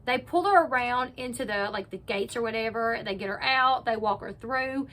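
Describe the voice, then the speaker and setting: Woman host, casual recap vlogger, a little high voice, bright and lively delivery, loves "like". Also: moderate pace. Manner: chatty, peppers speech with "like", acts out quotes. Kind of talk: casual retelling of a reality TV episode.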